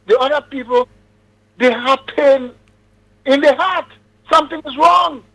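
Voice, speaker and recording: A male caller, heard over a thin phone-like line. His voice sits very high, and he delivers his points as emphatic, preachy warnings. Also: normal speed, pushed and bright. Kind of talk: casual call-in chat.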